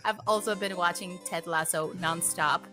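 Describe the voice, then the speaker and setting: A woman's voice: fairly low pitch, steady tone, moderate pace, over music. A woman with a background co-hosting a casual podcast, bubbly and giggly, often tripping over her words. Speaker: podcast co-host. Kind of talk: casual chat. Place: home in Mexico, on a video call.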